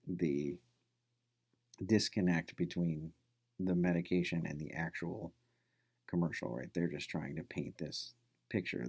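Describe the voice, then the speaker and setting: A man's voice: deep voice, gravelly, a little mellow, husky. A male instructor giving a casual recorded lecture, rambling with many fillers and restarts.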